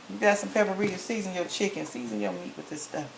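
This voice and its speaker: A woman's voice: mid-range voice, very animated, brisk, gravelly. A woman giving a casual home cooking demonstration, chatty and folksy, often checking in with "okay?". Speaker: home cook showing a recipe. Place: home kitchen. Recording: echoey kitchen with faint noise.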